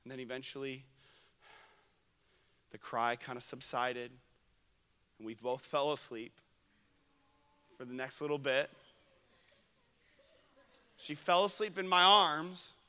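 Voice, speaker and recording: A young male pastor with a very bright, forceful voice, preaching at a camp. He tells stories, rising to loud bursts and then dropping to a near hush. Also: mid-range voice, slow pace, pauses often, clean tone, big-room sound. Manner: storytelling, shifts from loud to hushed. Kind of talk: sermon. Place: camp meeting room.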